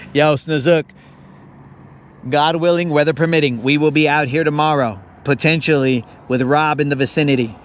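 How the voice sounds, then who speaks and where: A man with a high-pitched voice hosts a live fishing stream from outdoors on a lake. He chats in a slangy, teasing, joking way. A faint outdoor hum sits behind him. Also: steady tone, moderate pace. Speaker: fishing livestream host. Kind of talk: casual chat.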